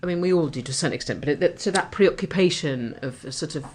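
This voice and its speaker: A woman's voice: low voice, fast talker, a little mellow, husky. A woman hosting a casual interview, asking questions and laughing along with her guest. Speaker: host.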